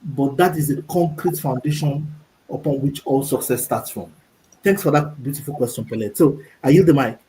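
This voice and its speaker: A man coaching a group on a call, speaking in an emphatic, preachy way and reading quotes out slowly. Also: medium pitch, mellow, slight background noise, low-quality recording. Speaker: motivational coach. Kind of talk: motivational talk on a group call.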